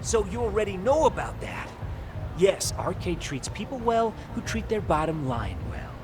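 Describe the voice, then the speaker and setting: A man's voice: high-pitched, sing-song, normal speed, music in the background. An actor playing a weary middle-aged male bar manager who talks theatrically and confides gossip. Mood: confiding. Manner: theatrical, swinging between gushing and gloomy.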